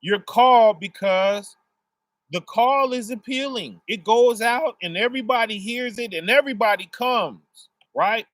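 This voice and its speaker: A man's voice: very high voice, measured pace, fairly bright tone, dry recording. A man giving a casual sermon, explaining through everyday family examples and asking "right?" after nearly every phrase. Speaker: preacher.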